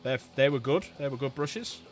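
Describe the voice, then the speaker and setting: A man chatting casually while painting miniatures on a livestream, chatty and quick to laugh. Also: music in the background. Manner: chatty, laughs often, jumps in pitch when excited. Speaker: streamer and hobby painter.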